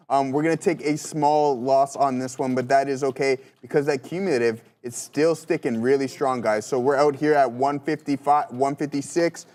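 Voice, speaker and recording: A man co-hosting a live stock trading stream, talking in loose, slangy banter. His voice sits at an ordinary middle pitch for a man, and he drops easily into buddy talk between market calls. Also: steady tone, moderate pace, hardly any pauses, a little mellow. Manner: casual slangy banter, "bro" and "dude". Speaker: trading show co-host. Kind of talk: casual live market chat.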